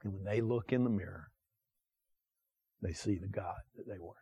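A man preaching a sermon with passion, asking the listeners many direct questions and swinging from loud emphasis to quiet asides. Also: lowish voice, moderate pace, breathy edge, no room sound, lo-fi sound. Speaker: pastor.

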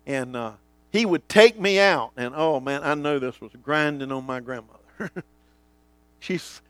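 Male pastor, slow deliberate sermon delivery, big dynamic swings, dry close mic. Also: dry recording. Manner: dramatic swings from booming to hushed, acts out quoted voices.

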